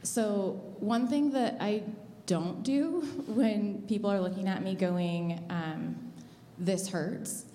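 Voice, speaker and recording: A woman's voice: mid-range voice, slow, mellow. Earnest woman in an echoey hall. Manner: earnest, reflective, many fillers. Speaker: labor support worker at births. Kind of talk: conversational church interview. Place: church auditorium. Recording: echoey hall with long reverb.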